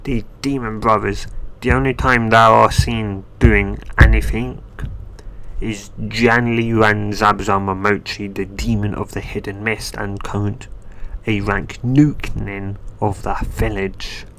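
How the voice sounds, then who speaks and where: A man's voice: on the low side, level tone, unhurried, a bit bright, slight background noise. A man reading as a serious ninja leader. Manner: hesitant, stumbling delivery. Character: adult male ninja team leader, calm and serious.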